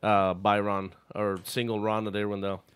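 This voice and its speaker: Male co-host, easygoing, filler-heavy; lower voice, dry recording. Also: little pitch movement, normal speed, a bit bright, clean tone, no room sound. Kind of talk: casual podcast chat.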